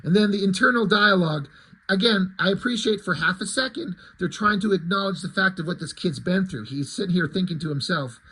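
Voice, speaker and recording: A man's voice: sits high, brisk, bright, forceful tone, husky, low-quality recording. A man reviewing a comic book in casual commentary, sarcastic and profane, with frequent asides.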